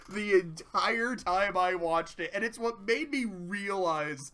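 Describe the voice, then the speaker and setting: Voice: medium pitch, lively intonation, slow, few pauses, a bit bright. A cartoon episode reviewer in casual video commentary, rambling with profanity and laughing asides.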